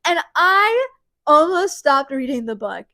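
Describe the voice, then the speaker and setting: Woman vlogger, fairly high voice, dry close sound, casual and emphatic book talk. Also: unhurried, no echo. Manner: emphatic and animated, frequent "like". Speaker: book reviewer. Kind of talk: casual book review vlog.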